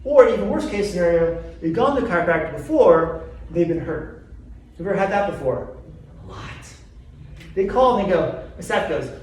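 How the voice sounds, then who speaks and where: A high-pitched middle-aged man teaching fellow chiropractors, firing quick questions at the room. He is picked up from far off in a very echoey seminar room, with a faint hiss underneath. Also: lively intonation. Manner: quizzes the audience with quick questions. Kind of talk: live seminar talk to a group.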